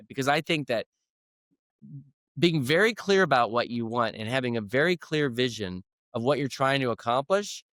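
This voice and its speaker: A man's voice: medium pitch, a bit bright, dry recording, clean studio sound. A middle-aged man, a leadership coach, telling a personal story in an interview in an earnest, conversational way. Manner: earnest storyteller who acts out quoted dialogue.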